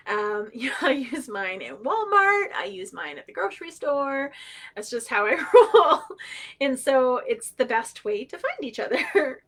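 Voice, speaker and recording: A middle-aged woman telling stories and teachings on a livestream, animated and playful, laughing often and acting out voices. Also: high-pitched. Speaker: storyteller and knowledge keeper. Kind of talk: humorous teaching storytelling on a livestream.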